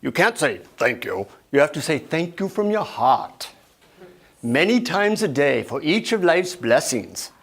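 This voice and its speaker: A man voicing an old male Indian guru, a patient teacher, in a deep Indian accent with slow, solemn delivery. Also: very animated, vocal fry, a bit bright, husky, exaggerated voice.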